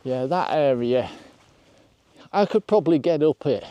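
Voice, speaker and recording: A man's voice: a little high, expressive, unhurried, dark tone, dry recording, dull audio. An older man vlogging while out hiking on open moorland, chatting away to his viewers in a rambling, self-deprecating way. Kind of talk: casual walk-and-talk vlog. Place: outdoors on open moorland, windy hilltop.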